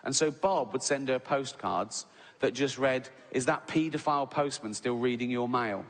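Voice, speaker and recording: A man's voice: medium pitch, moderate pace. Man doing stand-up in a hall. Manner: storytelling with frequent "right?" tags and laughs. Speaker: stand-up comedian. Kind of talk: stand-up comedy set. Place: large theatre on stage. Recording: live hall reverb with audience noise.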